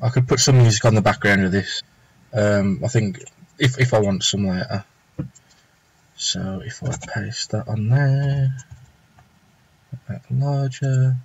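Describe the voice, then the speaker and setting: A man with a fairly low, slightly rough voice chats unhurriedly on a live stream from home while drawing, pausing often and rambling through fillers, self-talk and half-formed thoughts. The recording is rough.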